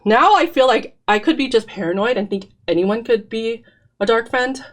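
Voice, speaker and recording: Excitable woman spinning fan theories. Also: on the high side, normal speed. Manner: excited, theorizing, many fillers. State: out of breath. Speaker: podcast co-host. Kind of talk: casual fan discussion.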